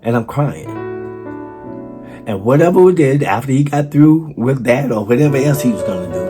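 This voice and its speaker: A man's voice: mid-range voice, animated, normal speed, mellow. A man, telling a personal story and laughing often. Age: 60s. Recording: guitar music underneath. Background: guitar music.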